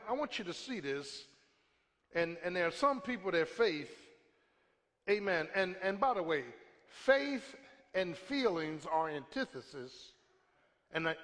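A male pastor with a bright, high voice preaches a call-and-response sermon in a church sanctuary, asking for a witness. He builds to shouts, then drops to a hush, while the large hall adds long reverb.

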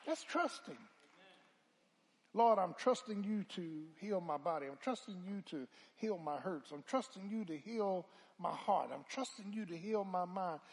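A male preacher delivering a call-and-response sermon, moving from hushed murmurs to loud, drawn-out calls. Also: high voice, lively intonation.

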